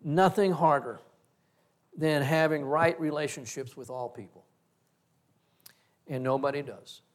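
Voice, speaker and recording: A man's voice: a little high, a little slow. A middle-aged male pastor giving a reflective, story-driven sermon.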